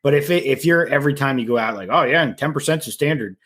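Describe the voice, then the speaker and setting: A man co-hosting a podcast, telling animated, profane stories and laughing often. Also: medium pitch, fast. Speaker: podcast co-host. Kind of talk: casual chat.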